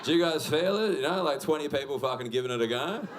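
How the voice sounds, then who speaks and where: A man's voice: on the high side, animated, quick pace. A young Australian man with an Australian accent doing a stand-up comedy set, conversational and sweary, working the crowd with lots of tag questions. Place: comedy venue with audience. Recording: live venue with audience noise.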